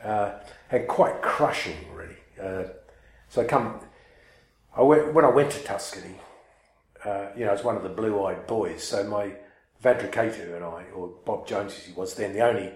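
A man tells a personal story in a loose, rambling way and pokes fun at himself as he goes. His voice sits low. The room around him is echoey. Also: moderate pace. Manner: rambling, self-mocking, many fillers and restarts. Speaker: speaker telling a personal story to listeners. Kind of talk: casual storytelling talk.

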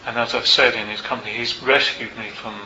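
An older man, a meditation teacher, tells a personal story to a group in a Buddhist centre, in a reflective and unhurried way with small asides. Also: medium pitch, steady tone, bright, forceful tone, a little hiss or hum. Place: Buddhist centre meeting room. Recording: roomy, slightly dull hall recording.

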